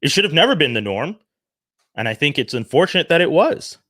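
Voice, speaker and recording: A man from Canada giving an earnest, animated opinion monologue, often restarting his sentences. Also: a little high, fairly quick, no room sound, studio quality. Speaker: commentary vlogger.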